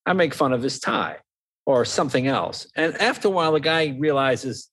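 Animated man telling stories. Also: medium pitch, normal speed. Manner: animated anecdotes with acted-out quotes. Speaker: talk show guest, former host. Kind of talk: casual storytelling chat.

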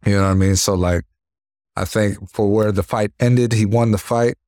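A young adult man, a professional boxer, telling stories from the ring in a relaxed interview, acting out punches with sound words. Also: lowish voice, normal speed, no echo, studio quality. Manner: animated storyteller, acts out punches with sound words; leans on "you know what I mean". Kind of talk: casual interview storytelling.

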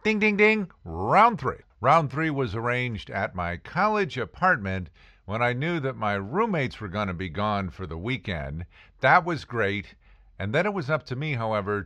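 A man's voice: lowish voice, pushed and bright, dry recording. A man telling a self-mocking comic story about his past, with punchy asides. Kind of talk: comedic storytelling monologue.

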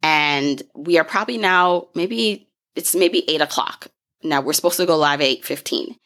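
A woman's voice: low-pitched, a bit bright. A young woman telling a personal story in a casual, chatty way, with frequent fillers, restarts and light laughs. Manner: chatty, fast-paced, fillers and self-corrections, laughs often.

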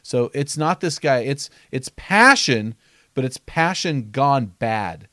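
A man's voice: medium pitch, animated, slow pace, pushed and bright, no room sound. Earnest man telling stories, dry sound. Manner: earnest storyteller who reads quotes aloud; frequent restarts and repeated words. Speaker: author and podcast host. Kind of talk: conversational podcast teaching with stories.

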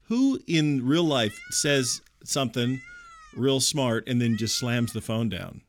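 A man's voice: medium pitch, expressive, takes it slowly, slight background noise. A middle-aged man doing a comic monologue, ranting in an exasperated, incredulous way. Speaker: comedian.

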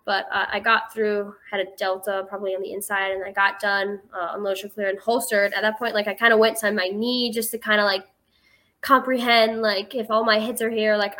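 A woman's voice: medium pitch, pushed and bright. An eighteen-year-old woman telling a story as a guest in a casual interview, chatty and filling her speech with "like".

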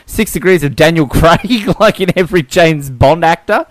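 A man co-hosting a podcast, chatting casually and jokily about films, with halting restarts. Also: fairly high pitch, dry recording. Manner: rambling, joking, halting restarts. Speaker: podcast co-host. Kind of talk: casual film chat.

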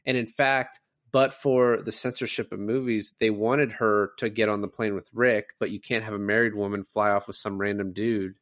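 A man's voice: on the low side, fairly even intonation, moderate pace, hardly any pauses, fairly bright tone, dry recording, studio quality. A man co-hosting a podcast who chats casually about a film, retelling scenes with lots of fillers. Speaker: podcast co-host. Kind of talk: casual movie discussion.

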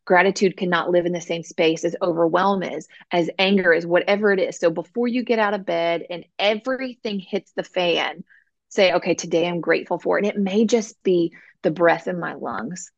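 A woman guest, an author and coach, telling her faith story in an earnest, animated way on a podcast interview. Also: on the low side, normal speed, creaky, no echo, highs cut off.

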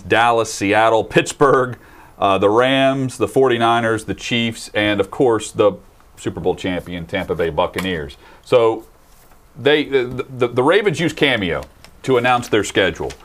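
A man with a low-pitched voice hosts a sports talk show. He runs through promotional plugs and football chat in a casual, conversational way, with frequent fillers and restarts. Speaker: show host.

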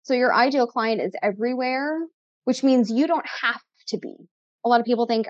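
A woman's voice: high voice, fairly quick, dry recording, dull audio. A woman speaking as a guest in a casual interview, chatty, upbeat and a little sassy. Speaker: podcast guest, content coach.

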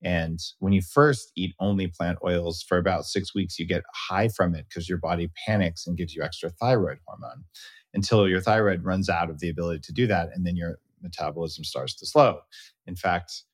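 A man's voice: slightly rough, dry recording. A middle-aged man hosting a casual interview, telling stories animatedly and quoting his children in a raised voice. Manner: animated storyteller, quotes his kids in a high voice. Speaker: podcast host.

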